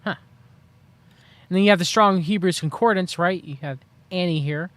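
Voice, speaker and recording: Host: man with a high voice, wry rambling commentary to a stream chat, dry close sound. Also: moderate pace, fairly bright tone, no echo. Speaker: livestream host.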